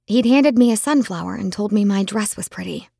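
A woman narrating a fantasy audiobook in the first person, with dramatic and expressive storytelling. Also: mid-range voice, a little fast, creaky, breathy edge, dry recording, clean studio sound.

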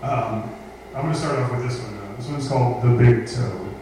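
A man's voice: medium pitch, moderate pace. A man hosting a spoken word event, reading a scary story aloud and groaning the monster's lines. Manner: dramatic groaning voices for the monster. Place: live event space. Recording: echoey room from far off with noise.

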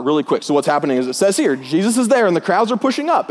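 A pastor preaching a sermon in a church, telling jokes and stories in a playful, animated way. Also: male voice, high voice, racing, few pauses. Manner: joking, animated storytelling with put-on voices. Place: church auditorium. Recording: long hall reverb.

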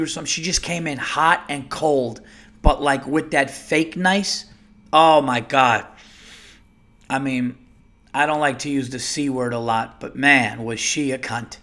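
A man hosting a podcast, telling a comic story as an animated, profane and exasperated rant. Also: mid-range voice, measured pace. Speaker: podcast host.

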